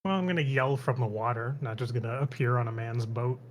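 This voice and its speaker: A man's voice: mid-range voice, a little fast, a little hiss or hum. A man playing a tabletop game, easygoing and chuckling. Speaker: player.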